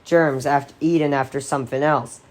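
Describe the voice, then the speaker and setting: A woman voicing a boy who puts on a grandly rolling southern-gentleman drawl, clearing his throat as he goes. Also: very deep voice, steady tone, fairly quick. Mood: blustery.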